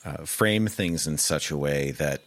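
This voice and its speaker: Man hosting a podcast, gently probing, slow and measured, low voice. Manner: halting and thoughtful, gently probing. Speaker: podcast host. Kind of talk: interview conversation.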